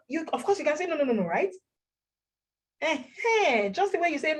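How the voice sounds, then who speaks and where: A woman with a fairly high voice runs an online language class over a video call. She encourages her students warmly and repeats each word so they can copy it. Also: lively intonation, fast talker. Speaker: language teacher.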